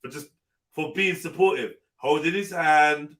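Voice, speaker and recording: A man hosting a live open panel, blunt and animated, swearing freely and acting out what people say. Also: fairly high pitch, measured pace, distant mic. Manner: blunt, animated, swears often, acts out quotes. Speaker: host of a live open panel talk show. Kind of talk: casual panel discussion.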